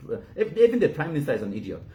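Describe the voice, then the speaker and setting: A man's voice: a little high, wildly swooping pitch, racing, mellow, a little hiss or hum. A man from Cameroon with a Cameroonian Pidgin English accent, chatting casually as a host in a boastful, mocking way and laughing at his own jokes. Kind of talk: casual banter.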